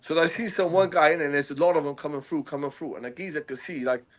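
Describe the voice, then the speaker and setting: Guy with a higher voice telling a story, slangy, says bro a lot, repeats himself. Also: fast talker, a bit bright. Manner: slangy, repeats words, chuckles mid-story. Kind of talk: casual storytelling.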